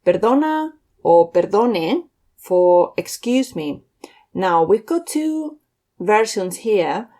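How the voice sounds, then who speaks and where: A woman teaching beginner phrases in a scripted lesson, slowing down to model each phrase clearly. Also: medium pitch, sing-song, dark tone. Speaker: language teacher.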